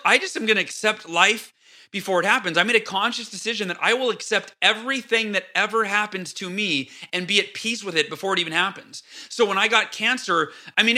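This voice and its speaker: A man with a high, very bright and forceful voice tells stories in a casual podcast chat. He acts out his own past outbursts with lively energy, then settles back into calm explanation. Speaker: podcast guest. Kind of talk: casual interview talk.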